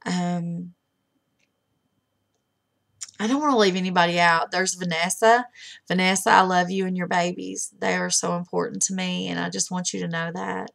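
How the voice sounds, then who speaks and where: A middle-aged woman giving a heartfelt, halting farewell to her online friends, holding back tears. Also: lowish voice, fairly even intonation, gravelly, a bit bright. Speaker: webcam streamer. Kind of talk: emotional farewell message.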